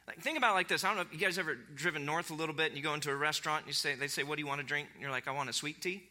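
A man preaching a sermon, animated, acting out quotes with big jumps in pitch. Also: rapid-fire. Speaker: pastor.

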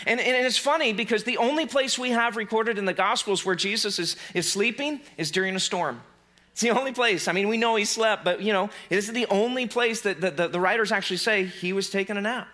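Bright-voiced, high-pitched male pastor preaching. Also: brisk. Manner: conversational, playful asides, animated re-enactments. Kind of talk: sermon.

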